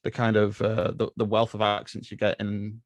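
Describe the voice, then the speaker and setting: A man's voice: lowish voice, completely flat delivery, moderate pace, no echo. A man with an English accent, a podcast guest chatting casually about films, hesitant with fillers and restarts. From England. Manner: hesitant, many fillers and restarts, laughs often. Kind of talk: casual chat.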